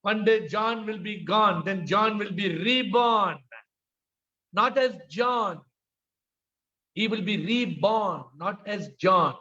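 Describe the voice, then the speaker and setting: A man's voice: sits high, takes it slowly, bright, forceful tone. An older man with an Indian English accent giving an informal spiritual talk on a video call, acting out voices in his stories and often asking "huh?". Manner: storytelling, acts out quoted voices, frequent "huh?". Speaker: spiritual teacher. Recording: slightly dull video call audio.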